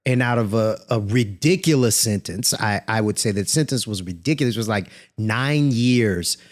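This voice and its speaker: A man's voice: lowish voice, moderate pace. A man co-hosting a podcast in casual chat, laughing easily and dropping joking asides. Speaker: podcast co-host.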